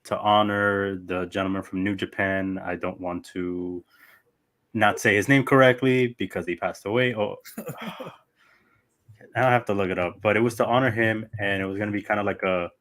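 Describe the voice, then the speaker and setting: A man's voice: on the low side, fairly bright tone. A man co-hosting a podcast in casual chat, chuckling and explaining at length. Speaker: podcast co-host.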